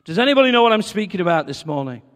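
A male preacher delivering a conversational sermon, acting out quoted dialogue with animated swings. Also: sits high, racing. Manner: lively, conversational, acts out quotes. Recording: reverberant hall.

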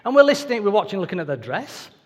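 Guy preaching, high lively voice, bit husky, big echoey hall. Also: fast. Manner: conversational, anecdotal, playful asides. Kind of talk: sermon. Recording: reverberant hall.

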